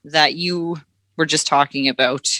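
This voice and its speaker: Canadian woman in her 30s, bright voice, dry close mic, rambly and frank. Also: sits low, steady tone, unhurried, no echo. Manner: candid, rambling, laughs nervously. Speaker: podcast guest. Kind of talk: casual chat. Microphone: headphones on remote call.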